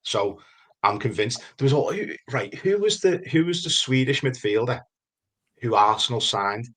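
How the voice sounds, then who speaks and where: A man on a fan podcast telling a story with enthusiasm, pausing to search for names. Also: medium pitch, lively intonation, a bit bright. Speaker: podcast co-host. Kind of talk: casual chat.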